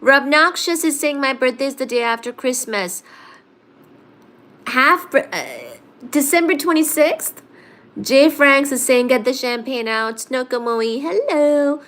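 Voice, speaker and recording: A woman with a slightly raised voice chats on a casual live stream, slowly and playfully reading out her viewers' comments and answering each one. She has a bit of a cold. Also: high-pitched, fairly bright tone. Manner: playful, reads chat comments aloud and answers them. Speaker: livestream host reading viewer chat.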